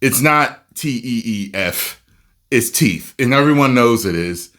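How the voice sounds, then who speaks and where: A man's voice: mid-range voice, a little slow. A man with a New Jersey accent hosting a casual reaction video, ranting and laughing as he talks. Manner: animated, laughing, rambling rants.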